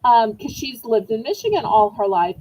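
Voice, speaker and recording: Chatty high-voiced Southern auction host. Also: female voice, very animated, normal speed, mellow, rough recording. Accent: Southern American. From Southern United States. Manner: chatty, bubbly, talks to her viewers. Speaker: online auction seller. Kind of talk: live-stream auction chat.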